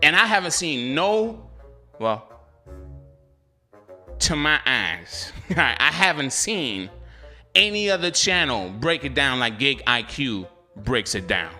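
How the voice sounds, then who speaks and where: A man's voice: medium pitch, big pitch swings, takes it slowly, pauses often, pushed and bright, faint music behind. A man hosting a delivery-driver channel, talking casually with viewers, laughing often in slangy banter.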